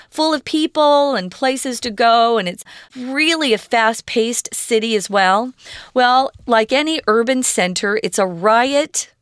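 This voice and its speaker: A woman's voice: on the high side, a bit bright, clean tone, dry recording, studio quality. A woman who explains English words and grammar patiently, with the odd filler. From United States. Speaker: English teacher.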